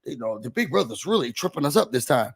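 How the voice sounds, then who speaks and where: A man hosting a casual reality show recap, sassy and animated, mocking the people he talks about. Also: medium pitch, quick pace, gravelly, slightly rough.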